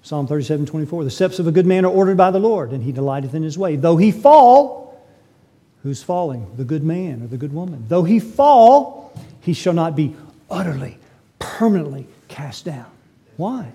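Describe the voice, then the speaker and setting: A man's voice: fairly high pitch, a little fast, warm tone, husky. A man preaching a sermon as pastor, emphatic and full of rhetorical questions.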